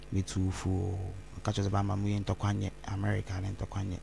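A man speaks low in his range, his gravelly voice rough with fry. He rambles through an interview and slips Twi phrases into his English. A faint hum of noise sits behind him. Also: little pitch movement, quick pace, warm tone. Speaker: interview guest. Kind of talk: candid interview talk.

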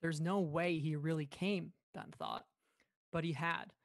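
A man podcast host reading a story aloud in a calm, steady read-along style, lightly voicing the dialogue. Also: on the high side, a little slow, vocal fry, no echo.

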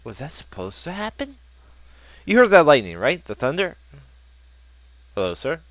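Animated young man doing game commentary. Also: a little high, moderate pace, no echo. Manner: animated, joking, reads game text aloud. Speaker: gameplay commentator. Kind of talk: casual let's play commentary.

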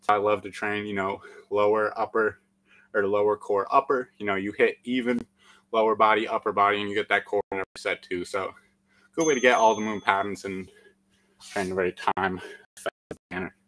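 A man's voice: lowish voice, flat delivery, brisk, a bit bright, low-quality recording. A man leading a live-streamed workout, out of breath after exercising, calling out countdowns and encouragement and chatting with lots of fillers. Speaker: fitness instructor.

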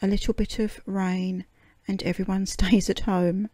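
A woman reading a children's storybook aloud in a soft, hushed half-whisper, a whispered storybook reading. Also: mid-range voice, flat delivery, a little slow, no room sound. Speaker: storybook reader.

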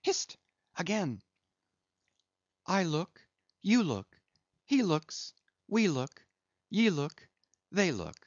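A man's voice: high voice, sing-song, extremely slow, pauses often, no room sound, voice pushed up, heavily acted. A man reading aloud as a jovial male sailor who muses to himself with chatty, wondering asides. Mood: wry musing. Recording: dull lo-fi dry recording.

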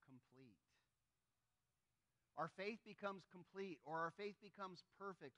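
A middle-aged man preaching a sermon in a high, bright, ringing voice. He swings from loud emphasis to hushed, quiet lines and acts out voices when he quotes others. The sound is dry and close. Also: no room sound, rough recording. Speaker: pastor.

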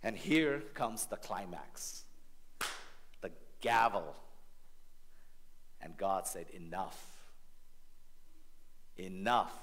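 A man preaching a sermon as family pastor in a church, animated and rhetorical, often checking in with the congregation. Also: lowish voice, drawn-out words, long pauses.

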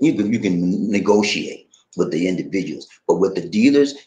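A middle-aged man hosting a casual livestream, with a lively, swinging pitch and plenty of laughter. His folksy slang comes through the roomy echo of the space. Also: normal speed. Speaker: vlog host reading live chat.

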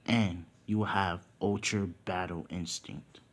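A man voicing an ancient spirit that grants power, speaking in slow solemn pronouncements. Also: deep voice, fairly even intonation.

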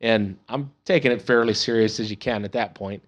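A man's voice: fairly low pitch, brisk. Profane laughing storyteller man. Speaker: podcast guest. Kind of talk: casual storytelling.

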